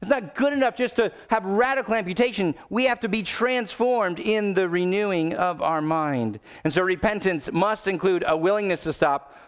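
A male pastor preaching a sermon, swinging between loud urgent pleading and low, quiet emphasis. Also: clean tone.

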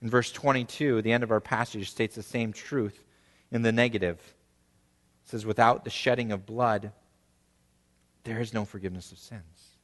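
A man in his thirties preaching a sermon, swelling to emphatic peaks and dropping to hushed, quiet phrase endings. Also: lowish voice, steady tone, moderate pace, long pauses, long reverb tail. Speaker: pastor.

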